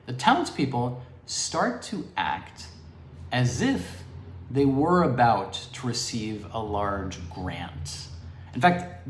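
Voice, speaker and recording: A man's voice: lowish voice, roomy sound. A man giving an improvised livestream lecture on philosophy, explaining expressively with asides, from a makeshift home studio. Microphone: device camera propped on DVDs.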